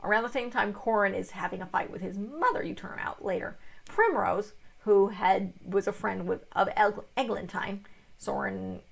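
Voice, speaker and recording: Tired young woman rambling thru a book review, lots of ums, really gravelly and husky. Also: mid-range voice, normal speed. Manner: rambling, full of fillers and restarts. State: tired, yawning.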